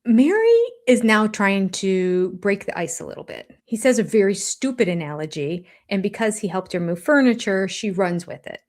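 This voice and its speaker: A woman's voice: medium pitch, normal speed, hardly any pauses. An older woman giving blunt, sarcastic reaction commentary on a reality TV show.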